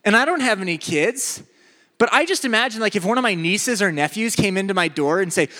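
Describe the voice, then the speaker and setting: Animated young male preacher in a hall. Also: high-pitched, fairly quick. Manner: animated, acts out voices in stories. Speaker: pastor. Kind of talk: sermon. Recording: echoey hall.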